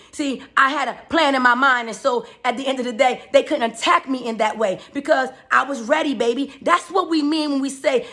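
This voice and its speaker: A woman delivering a fiery, profanity-laced spiritual rant, preaching and often shouting. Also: high voice. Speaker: spiritual speaker.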